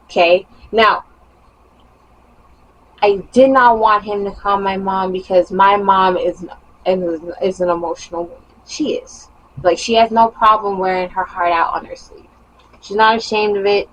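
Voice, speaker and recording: Young woman vlogger, storytime monologue, emphatic and animated, faint hum behind. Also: medium pitch, a little slow, rough recording. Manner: animated, emphatic retelling with rising bursts.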